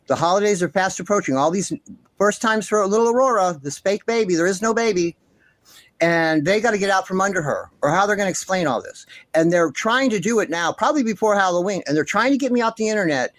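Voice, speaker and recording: A man's voice: sits high, expressive, brisk, a bit bright, dry recording. A man hosting a commentary vlog, ranting passionately and indignantly, swearing often and insisting on the same points over and over. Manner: repeats himself insistently. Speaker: commentary channel host.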